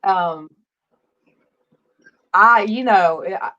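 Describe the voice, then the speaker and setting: A woman's voice: medium pitch, drawn-out words, pushed and bright. A woman in her fifties hosting a casual faith livestream, chatty and greeting viewers by name. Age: 50s. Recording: dull lo-fi stream audio.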